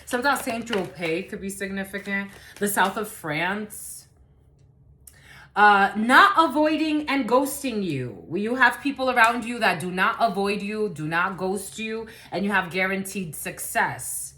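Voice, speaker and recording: A woman does a collective tarot reading to camera, blunt and rambling, swearing freely and laughing often. Her voice is medium-pitched with a sharp tone.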